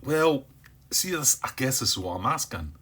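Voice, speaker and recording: Man, solo board game commentary, hesitant, self-questioning, repeats words, middle-pitched voice. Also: big pitch swings, normal speed, bright, forceful tone, breathy edge. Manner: talks himself down by name. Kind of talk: thinking-aloud playthrough commentary.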